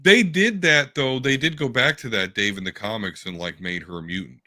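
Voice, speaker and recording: A man's voice: mid-range voice, moderate pace, bright, forceful tone. A man co-hosting a podcast in casual chat, rambling fan talk about comics with the odd swear word over a remote call mic. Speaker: podcast co-host.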